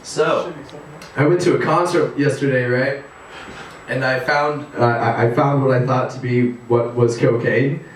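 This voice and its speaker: A male comedian doing a stand-up set at a house party, rambling with lots of fillers and halting restarts. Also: mid-range voice, steady tone, slight background noise. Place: living room at a house party. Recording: echoey room from far off.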